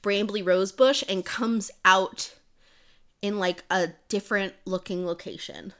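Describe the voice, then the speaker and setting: A woman's voice: mid-range voice, steady tone, measured pace, a bit bright, clear, resonant tone. A young woman co-hosting a podcast, retelling a novel's plot in a rambling casual way full of "like". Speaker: podcast co-host. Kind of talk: casual book-recap chat.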